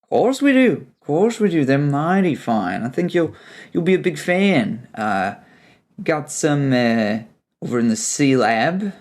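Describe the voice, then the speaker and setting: A man's voice: on the high side, big pitch swings, measured pace, voice pushed up. A man voicing a jovial, thickly bearded male dwarf leader with a New Zealand accent. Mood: friendly. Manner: friendly, hearty.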